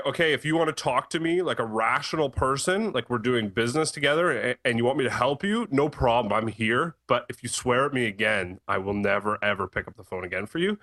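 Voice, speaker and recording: A man's voice: medium pitch, fairly quick, pushed and bright, no room sound, studio quality. A man who has owned two businesses, talking in a firm, matter-of-fact way on a casual podcast. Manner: firm, matter-of-fact, plays out phone calls. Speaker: business owner, podcast co-host.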